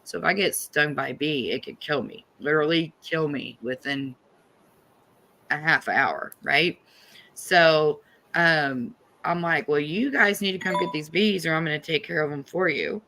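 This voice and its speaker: A middle-aged woman hosting a livestream, telling a story in a casual, animated and profane way. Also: low-pitched, a little slow, slight background noise. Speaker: livestream host.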